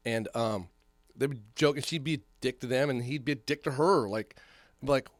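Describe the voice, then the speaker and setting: With a mid-range voice and moderate pace, a podcast co-host relates an extended story in relaxed chat, full of profanity and acted-out voices. There's no room sound in the recording.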